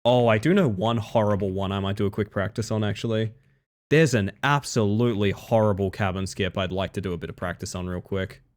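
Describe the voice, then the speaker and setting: Low-voiced streamer talking through a speedrun. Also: male voice, fairly quick, darkish tone. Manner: chatty, self-correcting, thinks aloud while playing. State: a little tired late at night. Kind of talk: casual gameplay commentary.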